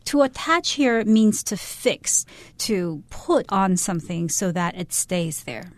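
A woman's voice: mid-range voice, lively intonation, slow, no room sound. Woman explaining English in a dry studio. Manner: clear, methodical explanations. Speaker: English teacher co-hosting a radio lesson. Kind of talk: explaining vocabulary and grammar.

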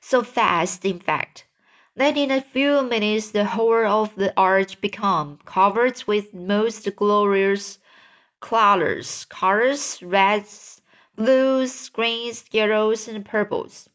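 A woman's voice: mid-range voice, fairly bright tone. A woman reading a children's book aloud, often stumbling and restarting words. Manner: halting, stumbling over words. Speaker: reader.

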